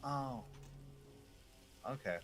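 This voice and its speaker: This man's mid-range voice is animated and a bit bright, yet he talks very slowly, with faint music in the background. He's gaming online with a friend, swapping casual, filler-heavy, rambling stories as a co-op player.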